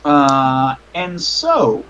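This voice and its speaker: A man's voice: fairly high pitch, sing-song, extremely slow, fairly bright tone, clear, resonant tone, highs cut off. A man narrating as game master over a call, rambling with restarts and casual swearing. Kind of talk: narrating a tabletop horror game.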